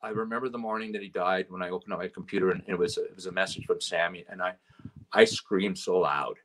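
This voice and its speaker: A man's voice: low voice, fairly even intonation, quick pace, fairly bright tone. A man from Canada, a guest telling stories in casual chat, rambling and full of "you know" and "right?". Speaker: guest, road and stage manager.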